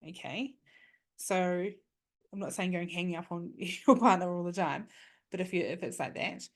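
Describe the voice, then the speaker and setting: Woman podcast host, lowish pitch, coaching and conversational. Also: normal speed. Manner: chatty, coaching, frequent "okay?". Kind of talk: casual advice talk.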